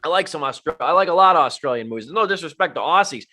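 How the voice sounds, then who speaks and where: A man with a bright, forward voice co-hosts a casual movie podcast. He speaks as a film critic, rambling and animated, full of fillers and self-corrections as he works toward his point. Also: a little high, fast talker. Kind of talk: casual movie review chat.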